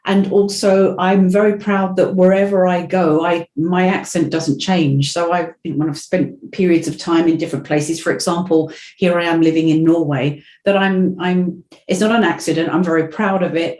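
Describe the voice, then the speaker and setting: A woman from Essex with her home accent talks in a casual interview. Her voice sits low and sounds mellow, and she often restarts her sentences as she chats. The room around her rings with echo. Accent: Essex English. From Essex, England. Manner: chatty, with frequent restarts. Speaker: podcast guest, voiceover artist.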